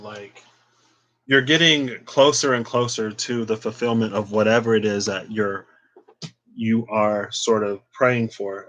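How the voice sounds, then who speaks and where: A man's voice: medium pitch, fairly bright tone, rough recording. Chatty man giving a tarot reading. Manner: chatty, lots of "like" and playful asides. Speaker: tarot reader.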